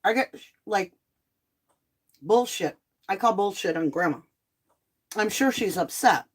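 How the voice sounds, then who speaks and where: A middle-aged woman hosting a live true crime tarot chat from home, talking casually and bluntly with animated asides while she is sick on cough medicine. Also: medium pitch, measured pace, breathy edge. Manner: chatty, blunt, animated asides and mock quotes.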